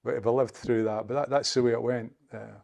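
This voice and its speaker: A Scottish man in his seventies telling a story as an interview guest, halting and repeating words as he chats. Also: mid-range voice, fairly even intonation, gravelly, darkish tone. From Scotland. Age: 70s. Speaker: interview guest, former footballer. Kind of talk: anecdotal storytelling.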